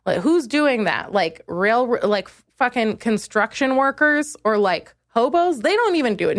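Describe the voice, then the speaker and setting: A woman comedian hosting her own podcast, delivering a crude, acerbic monologue that keeps leaping up in pitch. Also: lively intonation, normal speed, hardly any pauses, no echo, clean studio sound. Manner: crude, acerbic ranting with sudden high jumps in pitch.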